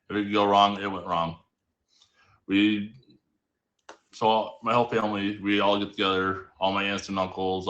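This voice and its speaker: Guy on a stream rambling thru a funny family story, low flat voice, kinda bright, echoey room. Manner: rambling, self-correcting storyteller. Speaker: storytelling guest. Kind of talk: casual told anecdote. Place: home streaming setup.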